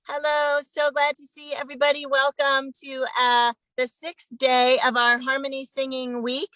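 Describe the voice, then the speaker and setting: A woman hosting an online sing-along, warmly greeting viewers one by one over a phone video call. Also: sits high, little pitch movement, moderate pace, no echo, low-quality recording. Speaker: host.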